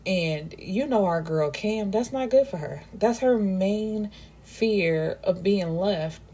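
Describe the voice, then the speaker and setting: Chatty husky-voiced woman book reviewer. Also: medium pitch, takes it slowly, warm tone. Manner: chatty, emphatic, reacts to the story. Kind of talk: casual book recap.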